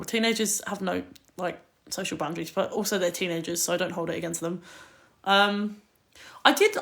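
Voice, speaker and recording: Her voice sits in the mid-range, gravelly and a touch bright. A young woman from Kent, England, she rambles through anecdotes on a casual livestream, heavy on fillers like "like" and cursing freely.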